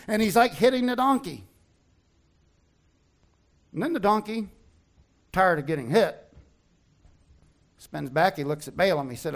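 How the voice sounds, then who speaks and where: A man preaching a sermon, retelling a Bible story in an animated way and acting out the characters' lines. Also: sits high, a little slow, long pauses. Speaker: pastor.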